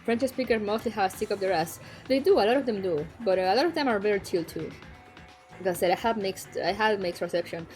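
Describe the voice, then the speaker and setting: A young woman streaming and chatting casually, frank and quick to swear, laughing often. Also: mid-range voice, expressive, darkish tone. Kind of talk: casual chat. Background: faint background music.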